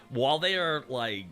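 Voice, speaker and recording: A man's voice: fairly high pitch, bright, forceful tone. A man chatting casually and joking with profanity while he streams a game. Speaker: VTuber streamer.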